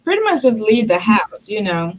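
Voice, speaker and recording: A woman's voice: mid-range voice, sing-song, normal speed, poor audio. A woman hosting a talk show, candidly and reflectively sharing her own experience in casual conversation. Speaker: podcast host.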